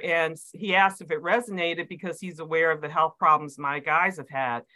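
A woman's voice: deep voice, moderate pace, pushed and bright, low-quality recording. A woman in a prayer group speaking enthusiastically in casual chat, with many fillers.

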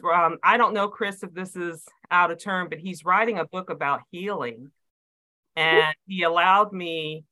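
A woman's voice: low voice, pushed and bright, low-quality recording. A woman in a prayer group speaking enthusiastically in casual chat, with many fillers.

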